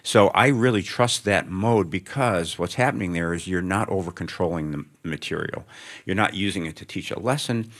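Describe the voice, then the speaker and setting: A man's voice: low-pitched, moderate pace, a bit bright. A middle-aged man, a writer, talks onstage before students in a thoughtful, rambling way, often restarting his sentences. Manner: thoughtful, rambling, self-interrupting. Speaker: writer guest. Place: lecture room with student audience.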